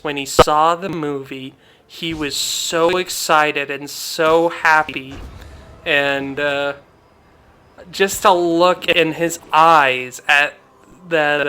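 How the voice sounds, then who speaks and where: A man's voice: fairly high pitch, pushed and bright, slight background noise. A young man hosting a gaming channel, chatting casually and heartfelt over gameplay, rambling with many fillers.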